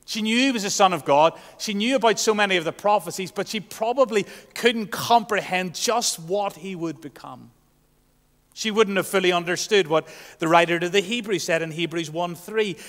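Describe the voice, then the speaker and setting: A man preaching a sermon, earnest, swinging from loud proclamation to soft, hushed asides. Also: sits high, moderate pace, in a large hall.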